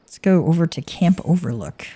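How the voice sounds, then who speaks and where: A woman hosting a gaming channel, chatting relaxed over gameplay as she thinks aloud. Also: low-pitched, moderate pace, breathy edge, no echo. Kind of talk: casual gameplay commentary.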